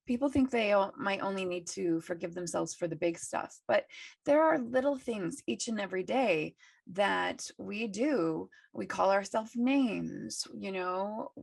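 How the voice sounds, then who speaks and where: A woman's voice: medium pitch, animated, measured pace, gravelly, no echo, clean studio sound. A woman co-hosting a spiritual podcast, talking earnestly and encouragingly. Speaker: podcast co-host. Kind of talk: casual spiritual chat.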